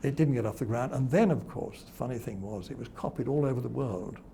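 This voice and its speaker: An older man, a veteran broadcaster, recalls old stories in an interview, chuckling and mimicking the people he quotes. His voice is strongly gravelly and dark-toned, with faint noise behind him. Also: medium pitch, fast talker. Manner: chuckling storyteller who acts out quoted voices. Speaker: television presenter. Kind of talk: reminiscing interview anecdotes.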